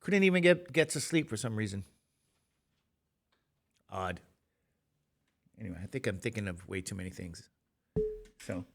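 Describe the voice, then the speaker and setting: Teaching math in a loose, rambling lecture, a middle-aged man sounds tired and sleepy and keeps making chatty jokes at his own expense. He has a lowish, gravelly, expressive voice at normal speed, with long pauses.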